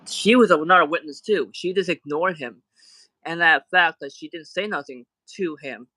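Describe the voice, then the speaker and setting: A man's voice: on the high side, normal speed, bright, forceful tone, dry recording, poor audio. A man ranting on a livestream, indignant and heated, going back over the same points again and again. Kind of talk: angry livestream rant.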